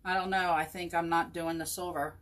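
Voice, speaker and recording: A woman's voice: fairly low pitch, little pitch movement, fairly quick, a bit bright. Chatty woman demoing crafts live. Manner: chatty, thinks aloud, answers viewers by name. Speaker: chalk craft demonstrator. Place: home craft table with her dog at her feet.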